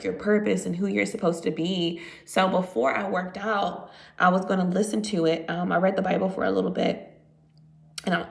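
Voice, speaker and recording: Woman, 30s, American accent, casual vlogger, mid pitch, some vocal fry. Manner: chatty and rambling, with many fillers. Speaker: vlogger on a live stream. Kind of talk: casual live-stream chat.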